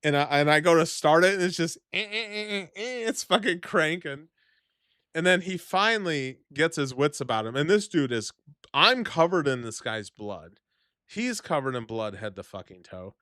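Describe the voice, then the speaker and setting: Profane animated male streamer storyteller. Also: fairly high pitch, moderate pace, clean tone, no room sound, studio quality. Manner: profane, animated storytelling with sudden loud bursts. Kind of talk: casual storytelling to chat.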